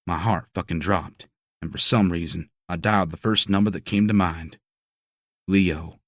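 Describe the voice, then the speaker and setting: Deep-voiced male audiobook narrator. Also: fairly even intonation, moderate pace, fairly bright tone, no room sound, studio quality. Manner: gritty, profane storytelling. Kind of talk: first-person romance audiobook narration.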